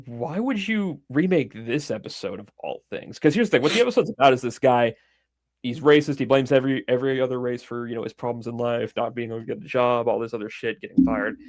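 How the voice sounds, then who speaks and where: Speaking quickly in a medium-pitched voice, this casual podcast co-host walks through a film scene by scene. He swears plenty and brings moments to life by acting them out.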